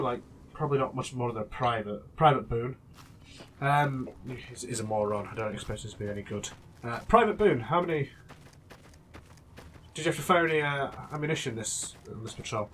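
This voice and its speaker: A man's voice: mid-range voice, fairly bright tone, slight background noise. Chatty man teasing through gameplay. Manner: chatty, teasing, rambling with restarts. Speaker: let's play gamer. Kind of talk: casual gameplay commentary.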